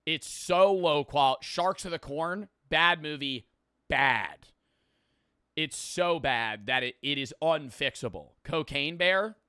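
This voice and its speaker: A young man riffs through casual reaction commentary, laughing and cursing as he goes. His voice is bright and crisp. The sound is dry and close, with no room around it. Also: a little high, no echo. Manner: laughing, rambling, swears casually. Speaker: streamer reacting to videos.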